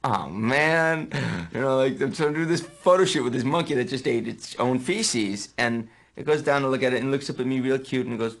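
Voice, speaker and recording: A man in his thirties from New Jersey, an actor answering interview questions with lively anecdotes he acts out. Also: brisk, gravelly. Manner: animated storyteller acting out quotes with sudden high yelps.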